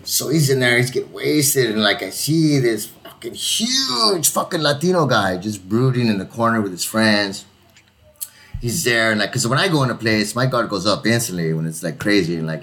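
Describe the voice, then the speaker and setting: A man's voice: on the low side, moderate pace. A man telling a rambling bar story in casual chat, swearing often and acting out the people in it. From Southern California. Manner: animated, swearing, acts out the people in his stories.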